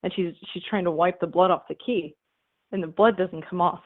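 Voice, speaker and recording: A woman's voice: lowish voice, fairly even intonation, normal speed. A woman calling in to a comedy show, rambling through a retold fable with lots of fillers and casual swearing. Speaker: caller. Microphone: telephone. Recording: tinny phone line.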